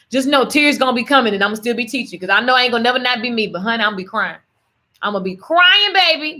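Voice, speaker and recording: A woman business coach talking straight to her viewers, chatty and animated. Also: on the high side. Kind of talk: livestream coaching pitch.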